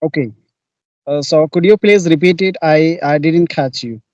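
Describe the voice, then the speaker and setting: A man interviewing someone, polite and halting as he searches for words, heard over a remote call. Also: fairly high pitch, a little mellow. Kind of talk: casual interview. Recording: dull dry lo-fi audio.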